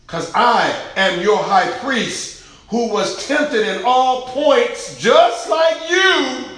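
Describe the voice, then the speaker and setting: A preacher voicing Jesus, tender and pleading. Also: male voice, very high-pitched, animated, drawn-out words, fairly bright tone, pitched above the performer's own voice, exaggerated voice. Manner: tender, pleading first-person appeals. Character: Jesus, gentle reassuring divine man. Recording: very echoey church hall.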